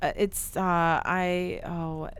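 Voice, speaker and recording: A woman hosting a podcast, chatting casually in an animated, playful way with frequent restarts. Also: lowish voice, smooth. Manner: animated, quick restarts, playful sing-along bits. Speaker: podcast host. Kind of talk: casual chat.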